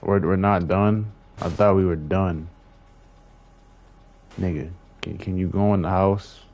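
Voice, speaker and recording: A man's voice: deep voice, fairly even intonation, a little slow, a little mellow, lo-fi sound. A young man giving casual gameplay commentary, frustrated and swearing as he talks to himself. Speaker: gaming streamer.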